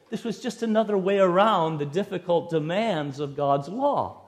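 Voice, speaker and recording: Animated male preacher, lively pitch. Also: unhurried. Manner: emphatic, wide-ranging delivery with sudden drops to quiet. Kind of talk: expository sermon.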